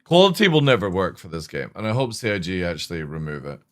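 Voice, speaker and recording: A man ranting on a game stream, his pitch swinging widely as he complains. He swears freely and sounds fed up, in a loose, casual way of talking. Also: fast. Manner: animated, swearing often, exasperated. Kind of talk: profane casual rant while streaming.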